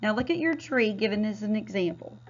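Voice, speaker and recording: A woman teacher leads a recorded phonics lesson at a mid pitch, sounding out words slowly and clearly so children can repeat them. The sound is slightly dull and lo-fi. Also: expressive. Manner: clear, patient, drawn-out word modeling.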